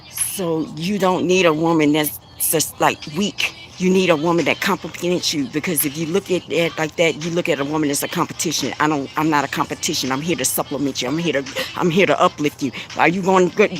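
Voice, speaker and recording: Deep-voiced woman, spiritual life coach, preachy, repeats herself and chuckles between lines, faint background hiss. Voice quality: deep voice with bass. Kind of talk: spiritual motivational monologue to camera.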